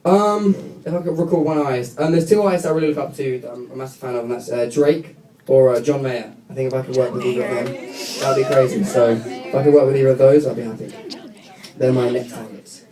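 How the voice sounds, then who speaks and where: Speaking quickly in a mellow, medium-pitched voice, this young British singer is a guest taking fan questions in a radio studio before a live audience. He keeps it casual, chatting, giggling and joking. Expect echo, a far-off mic and crowd sounds.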